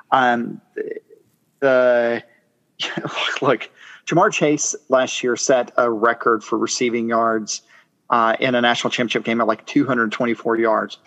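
A man's voice: medium pitch, a bit bright, dull audio. A man in casual sports chat, thoughtful and rambling with fillers. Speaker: podcast co-host.

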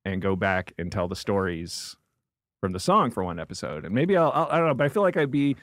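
A man's voice: lowish voice, expressive, fairly quick, dry recording. A man hosting a podcast in a studio, chatting and joking in a rambling way with lots of fillers. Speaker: podcast host. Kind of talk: casual chat. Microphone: studio mic with headphones.

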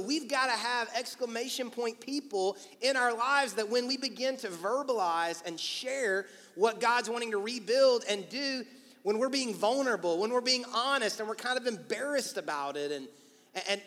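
High-voiced energetic preacher. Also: male voice. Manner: energetic, emphatic, encouraging preaching. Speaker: pastor. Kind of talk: sermon. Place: church. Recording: long church-hall reverb.

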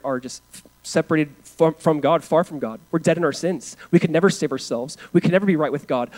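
A pastor delivering a sermon, moving from hushed, earnest lines to loud emphatic ones, with casual asides and fillers. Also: male voice, sits high, rough recording.

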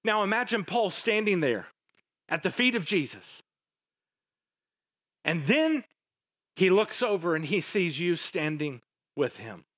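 Bright, slow-preaching man. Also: high voice, big pitch swings, lo-fi sound. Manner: emphatic, swings between raised and hushed delivery. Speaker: pastor. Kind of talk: sermon.

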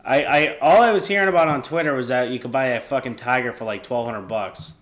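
A man's voice: mid-range voice, fairly quick, a bit bright. A young man from New Hampshire co-hosting a podcast, cursing constantly and tripping over repeated restarts in casual chat. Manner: profane, rambling, stammering restarts. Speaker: podcast co-host.

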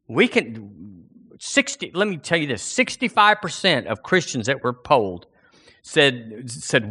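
Male preacher, high and bright, animated sermon delivery. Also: unhurried, husky. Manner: animated preaching, swinging pitch and volume.

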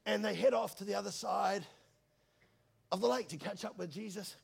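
A New man, a pastor, delivers a sermon with plenty of energy, telling the story in a loose, joking, conversational way and calling out to the room. His voice sits high for a man with a gravelly, creaky edge, and he speaks fairly quickly.

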